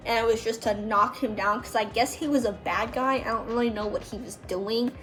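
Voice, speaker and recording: A young woman with a slightly high voice tells stories of her days as a background extra in a loose, chatty way. She fills her talk with fillers and acts out what others said. Soft music plays faintly under her voice. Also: fairly quick. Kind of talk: casual storytelling.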